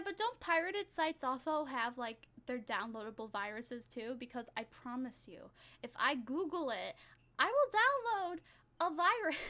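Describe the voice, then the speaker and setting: A young woman chats casually with her stream viewers, rambling from one thing to the next and making fun of herself between giggles. Her voice sits high. Its tone is bright and sharp. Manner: giggly, rambling, self-mocking. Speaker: vtuber streamer.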